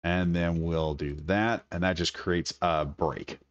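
Low-voiced man thinking aloud over gameplay. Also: steady tone, slow, clear, resonant tone, no echo, dull audio. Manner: enthusiastic, thinks aloud while building. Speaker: gaming video creator. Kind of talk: casual gameplay commentary.

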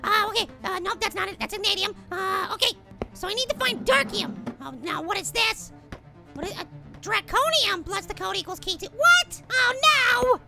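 Over background music, a male gaming host puts on an exaggerated, squeaky, sped-up cartoon voice as a tiny, jittery, whiny apple. He's animated at a moderate pace with vocal fry, chattering frantically and flustered through cartoon let's play commentary.

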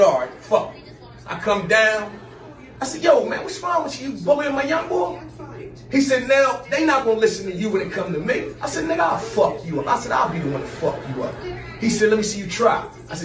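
A man's voice: high voice, a bit bright. A man animatedly telling a story about a fight, acting out the voices and sound effects. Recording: roomy distant clip with music.

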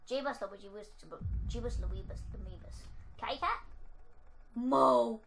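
A woman's voice: medium pitch, moderate pace, a little mellow, a little hiss or hum, low-quality recording. A woman giving let's-play commentary on a horror game, jumpy and talking to the characters on screen. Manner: jumpy, talks to game characters, frequent yelps and nervous laughs. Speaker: gamer playing a horror game. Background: game music.

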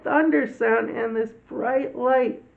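A man's voice: very high-pitched, steady tone, takes it slowly, creaky, voice pushed up, heavily acted. A man voicing startled travel companions who ask bewildered questions in a raised voice in a children's Bible story. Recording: tinny phone-like audio.

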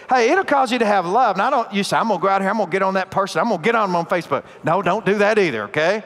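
A man's voice: high-pitched, expressive, fast talker, fairly bright tone. A middle-aged male pastor preaching a sermon in a church, telling folksy stories in a plain conversational way. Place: church sanctuary. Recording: long church reverb.

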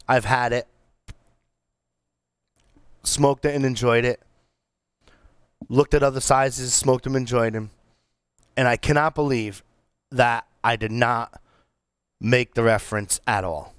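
A middle-aged man co-hosting a casual podcast, telling stories with excitable energy and plenty of restarts and fillers. His voice is smooth and resonant. He is recorded dry and close, with no room sound. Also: medium pitch, measured pace, pauses often, no echo. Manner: excitable, animated storytelling with many restarts and fillers. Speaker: podcast co-host reviewing cigars. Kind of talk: casual chat.

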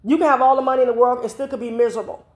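A woman's voice: fairly high pitch, fairly even intonation, very fast, roomy sound. A woman vlogger delivering a blunt, profane, scolding opinion rant. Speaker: commentary vlogger. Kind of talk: ranting opinion vlog.

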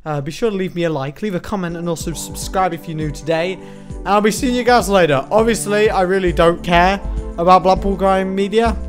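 A young man hosting a casual reaction video, sarcastic and prone to loud exclamations and mocking put-on voices. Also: high-pitched, brisk, soft background music. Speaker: YouTube host reacting to music videos.

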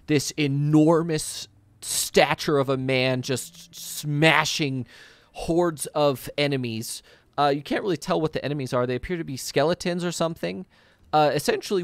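A man running a tabletop game, narrating a scene at length in a rambling, vivid way with frequent fillers. His voice is mid-pitched and the sound is dry and close. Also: no echo. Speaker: game master.

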